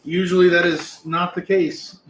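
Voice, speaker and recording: Relaxed man livestreaming from an echoey room. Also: high-pitched, moderate pace. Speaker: livestream host, dumpster rental owner. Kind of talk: casual livestream chat while working. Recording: echoey room with faint noise.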